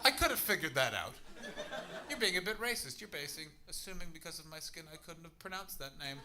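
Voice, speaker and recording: Canadian man, thirties, stand-up comic, sweary crowd work, slightly high voice, club noise behind. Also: animated, fairly quick. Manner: loud, sweary, bursts into shouting. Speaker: stand-up comedian. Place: comedy club stage.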